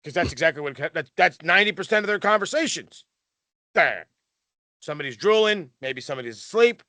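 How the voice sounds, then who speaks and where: A man's voice: high voice, expressive, fast, bright, forceful tone, no room sound. Ranting man podcast co-host. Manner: heated, profane ranting. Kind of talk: casual chat.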